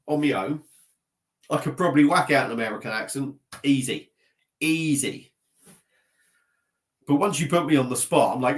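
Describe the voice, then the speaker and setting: A man's voice: medium pitch, fairly bright tone. Brief: guy on a casual home live stream, stuffy-nosed, rambling and self-deprecating into a laptop mic. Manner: rambling, self-mocking, chatty, reading out comments. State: slightly stuffy nose. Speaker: beer vlogger live-streaming. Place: at his desk at home.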